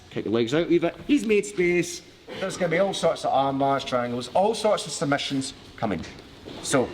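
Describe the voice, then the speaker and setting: Glaswegian guy teaching a grappling class, slightly high voice, cracks jokes and swears a lot. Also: in a large hall, slight background noise. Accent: Glaswegian Scottish. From Glasgow, Scotland. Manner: jokey, cheeky, swears freely. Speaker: martial arts instructor. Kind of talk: live class demonstration. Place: training mat with a class around him.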